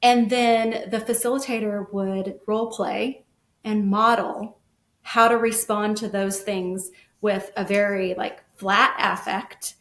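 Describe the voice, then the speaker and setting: A middle-aged woman sharing her story as a guest parent, earnest and animated. Her voice sits at a middle pitch and rings with room echo. The talk is relaxed and conversational. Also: slow. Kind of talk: casual podcast conversation. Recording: echoey room.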